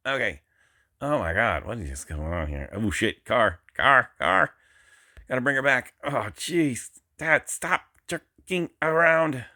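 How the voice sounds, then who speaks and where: Excitable man narrating his own drone flight. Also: lowish voice, measured pace. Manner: frustrated running self-talk, exclaiming. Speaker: drone hobbyist vlogger. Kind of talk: live commentary while flying.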